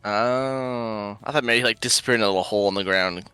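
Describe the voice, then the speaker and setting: Male player, bright and crisp voice, dry close mic, quick quips. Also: lowish voice, dry recording, soft background music. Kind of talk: casual tabletop game chat.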